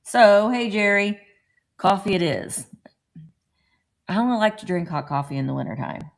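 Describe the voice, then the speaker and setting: A woman's voice: mid-range voice, lively intonation, moderate pace, vocal fry. A middle-aged woman casually chatting on a morning live stream from home, greeting viewers by name as she talks. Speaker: vlogger hosting a live stream.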